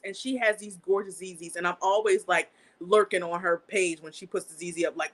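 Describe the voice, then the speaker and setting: A young woman hosting her own channel, telling a story in a casual, animated way, swearing freely and jumping up in pitch when she gets outraged. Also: fast, hardly any pauses. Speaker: channel host. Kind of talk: casual live-stream storytelling.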